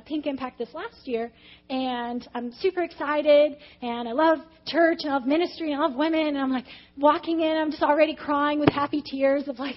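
A woman's voice: high voice, lo-fi sound. A woman preaching a testimony-style sermon, telling her story with animation and acting out her own past reactions.

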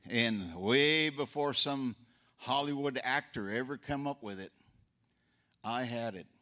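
An older brother gives a memorial eulogy for his sister, a folksy storyteller who voices the people in his anecdotes. He speaks slowly in a mid-range voice that is bright and forceful.

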